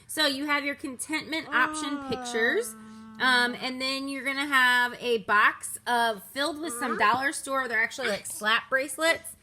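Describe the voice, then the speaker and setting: Brief: woman in her 30s, bright, slightly high voice, chatty children's ministry leader explaining a lesson at home, faint background noise. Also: normal speed. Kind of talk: recorded lesson walkthrough.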